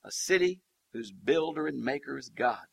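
A man's voice: mid-range voice, animated, moderate pace, creaky, breathy edge. A man preaching a Bible teaching sermon, folksy and humorous with colloquial asides.

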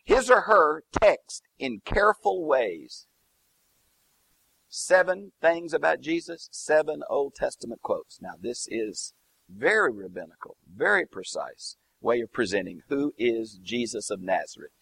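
A man's voice: medium pitch, a little slow, creaky, breathy edge, dry recording. A man teaching through a Bible passage verse by verse, explaining Greek and Hebrew terms with emphatic lists. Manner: lively, swooping emphasis on key words.

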